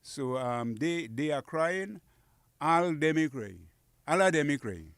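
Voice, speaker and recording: A man's voice: fairly high pitch, animated, unhurried, a bit bright, clean tone, no echo, studio quality. A man, casually teaching dialect phrases on a radio show, patiently repeating each phrase. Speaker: guest teaching Kokoy dialect. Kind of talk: casual radio language lesson. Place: radio studio.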